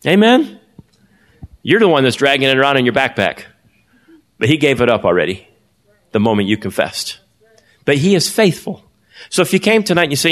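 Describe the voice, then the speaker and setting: A male pastor preaching a sermon, asking the congregation questions and swinging his pitch for emphasis. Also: big-room sound.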